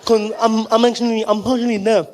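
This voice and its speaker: A man's voice: little pitch movement, rapid-fire, lightly acted. A man putting on a pushy deaf fan. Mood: eager. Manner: loud, pushy and insistent, high raised voice. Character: excitable partially deaf male fan, blunt and teasing.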